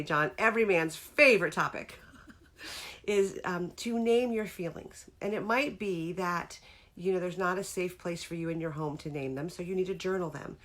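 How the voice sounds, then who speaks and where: A middle-aged woman with a fairly low voice gives a relaxed, earnest coaching talk to a live audience. She speaks directly to them and greets viewers by name as she goes. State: tearful near the end. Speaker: host of a live-streamed talk.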